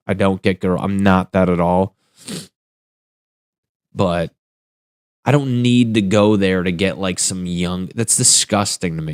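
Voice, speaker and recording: A young man with a low, deep voice riffs through a crude solo comedy rant, chuckling at his own lines. The sound is dry and close, with no room echo. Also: unhurried, clear, resonant tone. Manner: crude, rambling, laughs at his own jokes. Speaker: podcast host.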